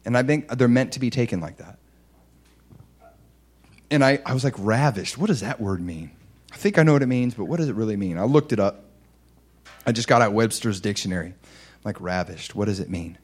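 A young adult man preaching a sermon, earnest and emotional, his voice dropping soft and low, then lifting into excited outbursts. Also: brisk, long pauses, slightly rough.

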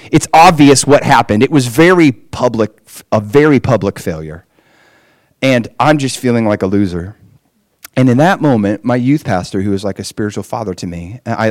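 Male preacher, mid-range voice, animated testimony storyteller, dry close recording. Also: mid-range voice, dry recording. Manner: animated storytelling, emphatic rises. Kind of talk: personal testimony sermon.

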